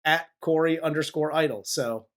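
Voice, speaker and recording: Male podcast host, casual and crude, slightly high voice. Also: moderate pace. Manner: crude, joking, animated. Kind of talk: casual movie review chat.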